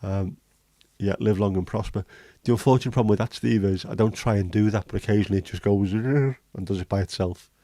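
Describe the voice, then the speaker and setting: A man's voice: fairly low pitch, a little fast, few pauses, mellow, no room sound. A man, hosting a casual livestream and chatting with viewers in a joking way. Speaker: livestream host.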